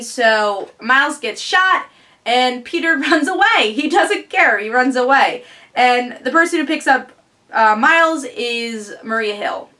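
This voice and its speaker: A woman giving a casual comic book review on her vlog, excitable and fond of rhetorical questions. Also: fairly high pitch.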